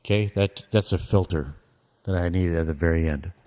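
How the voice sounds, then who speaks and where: A man with a low, dark-toned voice talks at a moderate pace during a live-streamed mixing session. He casually rambles, thinking aloud in a self-deprecating way, as faint music from his mix plays in the background.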